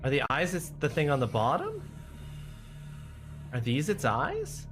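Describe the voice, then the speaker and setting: A man streaming a video game, chatting casually with animated, rambling asides. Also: a little high, measured pace, music in the background.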